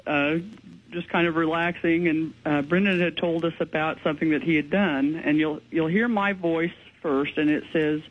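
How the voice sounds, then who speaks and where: Husky-voiced woman on a muffled line. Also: low-pitched, steady tone, moderate pace. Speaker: ghost investigator guest. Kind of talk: radio interview.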